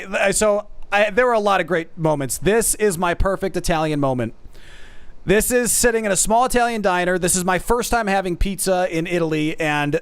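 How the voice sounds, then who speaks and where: A man's voice: high voice, clear, resonant tone, no echo. A man streaming, chatting casually and self-deprecatingly, calling his viewers folks. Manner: animated, self-deprecating, addresses chat as folks. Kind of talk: casual chat.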